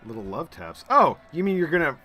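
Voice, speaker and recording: A man's voice: fairly high pitch, sing-song, fairly quick, bright, forceful tone. A man running a tabletop game as game master and stream host, narrating vividly and energetically with filler words.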